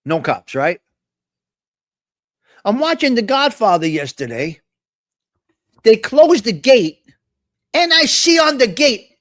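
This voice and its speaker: A man hosts a live chat stream. His voice sits high, and he rants excitably with plenty of profanity. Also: slow, long pauses. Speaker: host.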